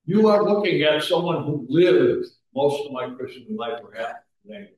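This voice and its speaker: A male pastor preaching a sermon, moving between quiet asides and raised, urging exhortation. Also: a little high, sing-song, normal speed. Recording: echoey room, mic at a distance.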